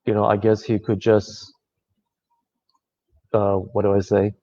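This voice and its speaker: A man giving a reflective talk, speaking gently and conversationally, with many fillers. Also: on the low side, monotone, a little slow. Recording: slightly dull lo-fi audio.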